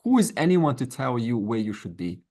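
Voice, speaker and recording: In this informal online Vedanta class, a middle-aged man talks a little fast in a very animated, medium-pitched voice with a darkish tone. He stays conversational and encouraging, tossing in asides and imitating quoted voices.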